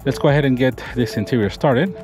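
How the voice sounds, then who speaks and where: Faint music plays behind a car reviewer touring a pickup truck inside and out. Speaking fast in a mid-range, slightly mellow voice, he keeps things casual and enthusiastic while pointing out features.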